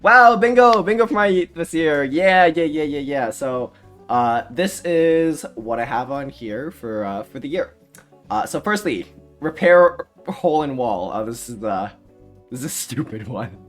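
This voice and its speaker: A man's voice: on the high side, animated, unhurried, fairly bright tone, faint music behind. A young man streaming live, chatting casually in a rambling, self-mocking way and laughing often. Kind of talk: casual livestream chat.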